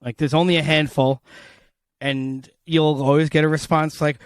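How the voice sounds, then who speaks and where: A man with a slight lisp co-hosts a loose comedy podcast, rambling and swearing freely. His voice sits a little high. The recording is dry and close. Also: level tone, normal speed, clean tone, no echo. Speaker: podcast co-host. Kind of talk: casual comedic chat.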